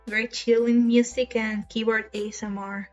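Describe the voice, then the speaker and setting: A woman's voice: a little high, little pitch movement, moderate pace, a little mellow, faint music behind. A young woman streaming live, chatting earnestly and emotionally with small laughs and many restarts. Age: young adult. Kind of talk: casual live-stream chat. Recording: slightly dull lo-fi stream audio.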